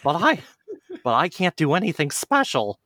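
A timid young fox boy from a storybook, clumsy and close to tears, pleading in a squeaky high voice far above his own, as a man puts him on. His pitch jumps around as he begs. The sound is dry, with no room echo. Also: huge pitch swings, moderate pace, bright, forceful tone, full character voice. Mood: downcast. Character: young male fox, shy, tearful and clumsy.

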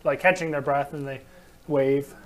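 A man's voice: medium pitch, steady tone, moderate pace. A man narrating as game master in a tabletop game, talking loosely with many fillers.

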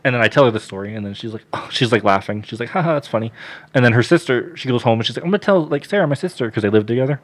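A man on a casual podcast, telling a story with lots of swearing and loud acted-out quotes. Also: mid-range voice, rapid-fire, hardly any pauses.

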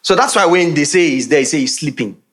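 A man's voice: a little high, fast talker. A man preaching a sermon, quizzing his congregation for answers, with frequent laughs and chatty asides. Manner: animated call-and-response with congregation; laughs often, conversational asides.

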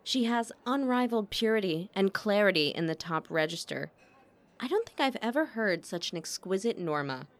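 A woman's voice: mid-range voice, expressive, normal speed, voice pushed up, lightly acted. A woman reading as a gossipy old opera manager, all false innocence and sly digs, his voice swooping up and down. He savors every insinuation as a storybook rival.

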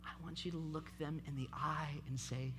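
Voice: mid-range voice, fairly even intonation, normal speed, heavy background noise. A speaker giving an impassioned sermon at a youth event, urging listeners with repeated calls. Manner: impassioned, repetitive exhortation.

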